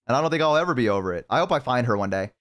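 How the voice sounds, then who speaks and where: A young man streaming, casually telling a profane, animated story to a co-host. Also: mid-range voice, very fast.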